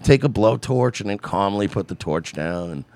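A man co-hosting a podcast, chatting casually in an excitable, profane way. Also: fairly low pitch, moderate pace, creaky, no echo. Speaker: podcast co-host. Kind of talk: casual chat.

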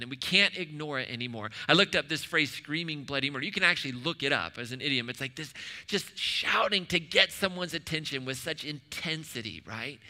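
A man's voice: a little high, sharp tone. A man preaching a sermon as pastor, conversational and humorous, often checking in with "right?". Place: church sanctuary. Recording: reverberant church hall.

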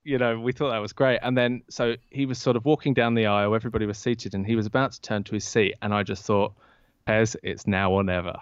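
Guy, lowish voice, telling a story on a podcast, does the voices of people he quotes, kinda muffled dry audio. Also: fast talker, clean tone, dry recording. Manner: lively storyteller who acts out quoted lines. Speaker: podcast guest, author. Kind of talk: telling an anecdote in an interview. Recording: dull lo-fi dry sound.

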